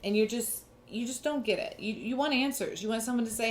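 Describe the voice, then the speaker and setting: A woman's voice: on the high side, fairly quick, hardly any pauses, slight background noise. A young woman giving a casual, earnest tarot reading, talking emphatically and restarting often. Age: young adult. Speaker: tarot reader.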